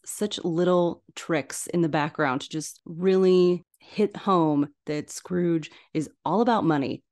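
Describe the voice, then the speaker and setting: Brief: woman podcast host, casual chatty film recap, slightly low pitch. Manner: animated, chatty, quick asides.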